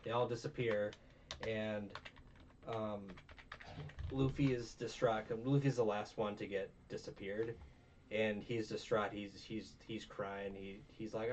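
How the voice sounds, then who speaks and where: A man's voice: fairly low pitch, steady tone, unhurried, darkish tone. Tired young man rambling a show recap. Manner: rambling, with many fillers and self-mocking asides. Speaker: podcast host. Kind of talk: casual review chat. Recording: distant, dull mic with faint noise.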